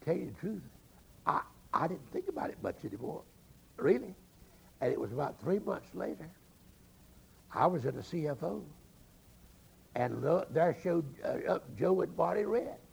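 A man preaching, telling a story slowly with drawn-out, emphatic phrasing and a gravelly voice. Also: fairly high pitch, sing-song, low-quality recording. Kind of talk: storytelling sermon.

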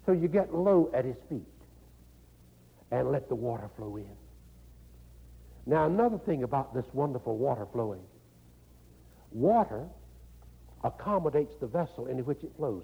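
An older man with a North Carolina accent, preaching a folksy sermon as a pastor, with a gravelly, husky voice that keeps slipping into "you know" and laughter. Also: medium pitch. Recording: dull lo-fi recording in a reverberant hall.

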